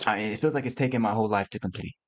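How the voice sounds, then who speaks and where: A man's voice: fairly low pitch, rapid-fire. A middle-aged man hosting a casual livestream, talking to viewers in a loose, playful, slangy way. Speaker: host.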